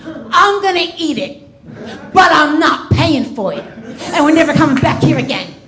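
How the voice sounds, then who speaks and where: A woman's voice: high voice, lively intonation, normal speed, a bit bright, pitched above the performer's own voice. A woman playing a whiny, fussy, angry man. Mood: indignant. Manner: whiny, indignant. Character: fussy, irritable, anxious man complaining loudly. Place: comedy club stage.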